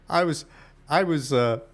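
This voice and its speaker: A man's voice: fairly high pitch, lively intonation, slow pace, a bit bright. A man co-hosting a casual chat, easygoing, laughing along and insistent when challenged. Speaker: podcast co-host.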